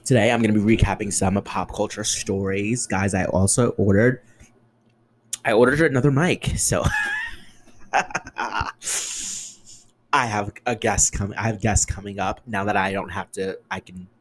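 A man's voice: steady tone, moderate pace, long pauses, rough recording. A man in his twenties hosting a casual solo podcast, chatty, profane and sarcastic. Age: 20s. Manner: chatty, profane, sarcastic, with shrill mocking put-on voices. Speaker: podcast host.

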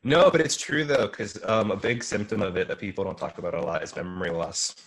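A man's voice: fairly low pitch, a little fast. A man chatting as a podcast guest, loose and casual, swearing freely and laughing at himself. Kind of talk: casual chat.

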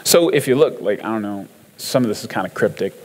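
A man's voice: lowish voice, animated, fast, darkish tone, big-room sound. A man giving a casual, conversational sermon, chatting through song lyrics and scripture with fillers and easy laughs.

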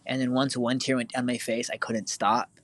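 A man's voice: medium pitch, level tone, normal speed, a bit bright, no echo. A teenage boy co-hosting a casual chat, telling a long story with lots of fillers and restarts. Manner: rambling, filler-heavy storytelling.

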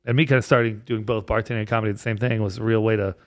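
A man's voice: on the low side, flat delivery, very fast, no echo, clean studio sound. Rambling man telling a bar story. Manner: rambling, laughs through his story. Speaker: comedian and bartender guest. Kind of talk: casual storytelling chat.

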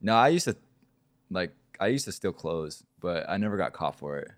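A man's voice: deep voice, very animated, no room sound, clean studio sound. A man hosting a casual podcast, chatty and joking, telling stories with friends. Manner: joking, chatty, quick to laugh. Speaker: podcast host. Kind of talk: casual chat.

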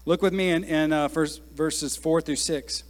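A man preaching with a fairly high, lively voice that swings between brisk, chatty asides and passionate, shouted climaxes. His words ring out in a church hall with a long, trailing reverb. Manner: energetic preaching, rising to shouts at peaks. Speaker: pastor. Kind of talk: sermon.

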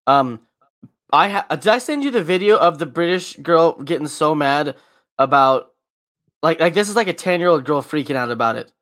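A man's voice: a little high, lively intonation, moderate pace, a bit bright. A young man co-hosting a casual podcast, eager and jokey in back-and-forth banter. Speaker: podcast co-host. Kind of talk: casual chat.

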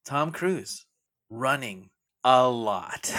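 A man's voice: medium pitch, expressive, very slow, fairly bright tone, dry recording. A man co-hosting a casual movie podcast, chatty and laughing often, with frequent hesitant restarts. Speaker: podcast co-host.

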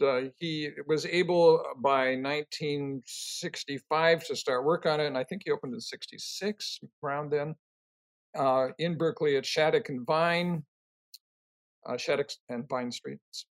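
An older man answering interview questions, telling rambling, animated stories full of fillers and restarts. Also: fairly high pitch, unhurried. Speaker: interview guest, company co-founder.

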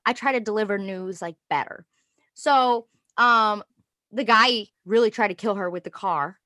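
A young woman co-hosting a casual chat, telling an animated story and acting out quotes with frequent laughter. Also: mid-range voice, moderate pace, dry recording, clean studio sound. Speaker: podcast co-host.

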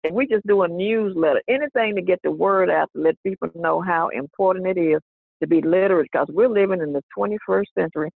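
Gravelly older woman on a phone line. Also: lowish voice, fairly quick, no room sound. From Waco, Texas, USA. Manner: emphatic, preaching-style repetition. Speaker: guest author. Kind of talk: casual interview talk.

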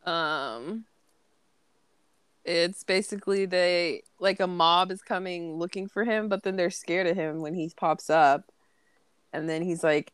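A woman's voice: fairly low pitch, measured pace, smooth, no echo. A young woman co-hosting a podcast, chatting casually, teasing and laughing a lot. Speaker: podcast co-host. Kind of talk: casual chat.

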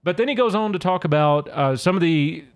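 A man's voice: sits high, expressive, a little fast, smooth. A man from Louisiana, hosting a solo podcast and casually talking through song lyrics. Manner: casual, conversational, reads lyrics aloud between explanations. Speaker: podcast host.

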